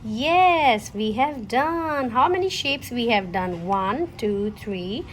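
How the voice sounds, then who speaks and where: A young woman teaching toddlers, asking questions in a slow singsong way. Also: on the high side, expressive, slight background noise. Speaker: children's teacher.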